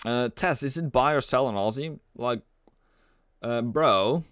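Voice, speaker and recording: A man's voice: mid-range voice, a little slow, fairly bright tone, no echo. Young man, live-stream trader, loose jokey delivery, clean resonant tone, dry close mic. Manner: playful, rambling, sings and jokes between chart calls. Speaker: forex trading streamer. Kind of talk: casual live-stream commentary.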